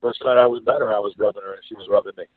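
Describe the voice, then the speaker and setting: A man's voice: lowish voice, fairly even intonation, very fast. A man casually telling a rambling, profane story and acting out the quoted voices of the people in it. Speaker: podcast guest telling a story. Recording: dry phone-like sound.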